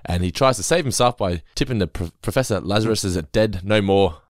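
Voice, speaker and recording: Low-voiced podcast co-host. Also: male voice, a little fast, no echo, clean studio sound. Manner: relaxed recapping, mimicking quoted lines. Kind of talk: casual episode review chat.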